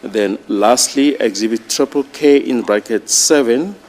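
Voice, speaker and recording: A man addressing a judge in a courtroom, reading out exhibits in a formal, deliberate way. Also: medium pitch, a little mellow. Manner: slow, deliberate, reads exhibit lists. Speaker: prosecutor.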